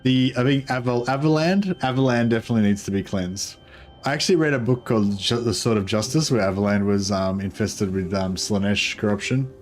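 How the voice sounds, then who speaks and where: A man's voice: lowish voice, a little fast, soft background music. A man giving casual, rambling gameplay commentary as a streamer, with plenty of fillers. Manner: relaxed, rambling, many fillers.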